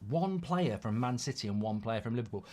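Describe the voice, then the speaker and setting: A man's voice: medium pitch, lively intonation, fairly quick, a little mellow. A middle-aged man, hosting a live football watchalong in a chatty way and reading out viewer comments. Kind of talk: casual live-stream chat.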